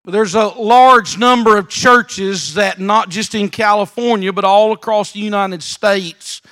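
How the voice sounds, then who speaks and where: A man preaching a sermon at a church service, deliberate and measured, often repeating a word as he goes. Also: sits high, pushed and bright.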